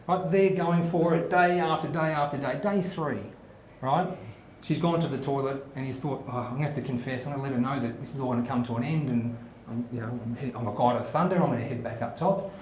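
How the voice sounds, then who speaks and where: A man's voice: on the high side, brisk, darkish tone, slight background noise. Chatty joke-telling male comedy host. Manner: chatty, laughs at his own jokes. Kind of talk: live comedy show hosting, telling jokes. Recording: echoey room, faint ambience.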